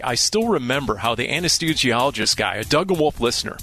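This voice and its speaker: A man's voice: medium pitch, expressive, fast, vocal fry, sharp tone. A man hosting sports talk radio, telling stories in a brash, jokey way.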